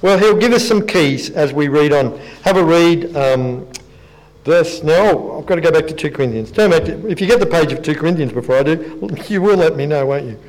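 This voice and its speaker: Higher-voiced man preaching conversationally. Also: lively intonation, a little fast, darkish tone, poor audio. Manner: conversational and self-deprecating, reads scripture aloud. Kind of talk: sermon.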